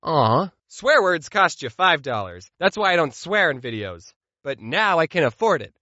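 A young man spins funny stories about his childhood, his high voice leaping up and down all the time. He drops deadpan asides between the jokes. The sound is close and dry, with a slightly muffled top end. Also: normal speed, no room sound. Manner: jokey, deadpan asides between acted-out quotes. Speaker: comedy storyteller. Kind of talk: animated comedic storytelling.

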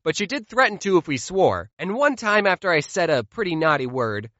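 A young man spins funny stories about his childhood, his high voice leaping up and down all the time. He drops deadpan asides between the jokes. The sound is close and dry, with a slightly muffled top end. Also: moderate pace, hardly any pauses, no echo. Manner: jokey, deadpan asides between acted-out quotes. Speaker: comedy storyteller. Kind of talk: animated comedic storytelling.

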